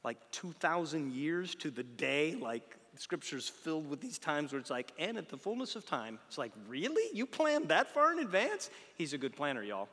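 Man, pastor, bright high voice, conversational sermon, reverb of a large hall. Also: moderate pace, hardly any pauses. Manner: conversational, animated, rhetorical questions, jokey asides.

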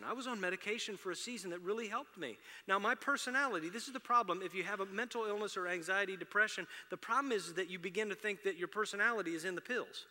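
Middle-aged preacher, man, higher voice, conversational delivery that swells loud then drops soft. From Houston, Texas area. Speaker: pastor. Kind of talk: sermon. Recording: long reverb of a large hall.

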